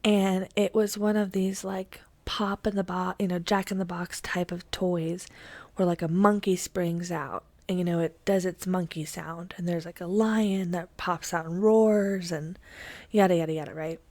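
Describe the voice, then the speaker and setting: A young woman hosts and tells a story casually, chatty and full of fillers, often dropping to a whisper for suspense. Her fairly low voice is steady, measured and a little mellow, with no echo.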